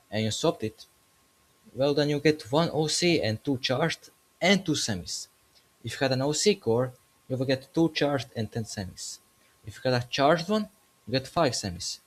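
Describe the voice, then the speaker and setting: A male gaming commentator speaking at an ordinary middle pitch in a loose, casual commentary. He rambles with jokes and keeps restarting and fixing his sentences as he goes. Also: lively intonation, moderate pace. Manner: jokey, rambling, corrects himself mid-sentence. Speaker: gaming video creator.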